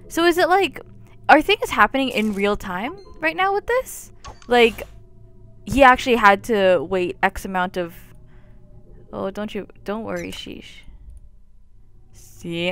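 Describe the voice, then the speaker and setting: A young woman giving casual commentary while playing a game, chatty and jokey with sudden loud outbursts. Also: medium pitch, sing-song, measured pace, soft background music. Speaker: let's play gamer.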